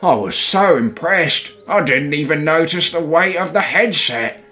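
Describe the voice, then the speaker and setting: A man's voice: fairly high pitch, lively intonation, a little slow, sharp tone, faint music behind. A man voicing a startled young male trainer, narrating in an earnest storybook way during a game story read-along.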